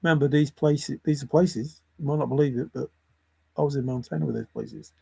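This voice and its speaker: A man's voice: medium pitch, huge pitch swings, a little fast, vocal fry, darkish tone, breathy edge. A man vlogging about a treasure hunt, rambling and giggling as he comments, repeating words and muttering to himself. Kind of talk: rambling commentary over video.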